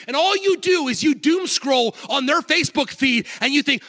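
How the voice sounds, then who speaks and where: A man's voice: extremely high pitch, expressive, moderate pace, hardly any pauses, sharp tone, long reverb tail. A male pastor preaching a fervent, repetitive sermon.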